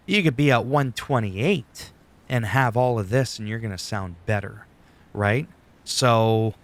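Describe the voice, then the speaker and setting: A man giving a rambling, profane, conversational tutorial while sitting at his desk and talking into a studio dynamic microphone. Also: lowish voice. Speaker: YouTuber explaining recording settings. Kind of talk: casual screen-recorded tutorial. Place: home desk setup.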